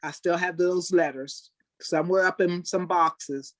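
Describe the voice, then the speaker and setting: An older woman, a Special Olympics athlete, telling animated stories in a webinar interview over a video call. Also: on the low side, a little slow, no echo. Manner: animated storyteller, acts out quoted people. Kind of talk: storytelling in an interview.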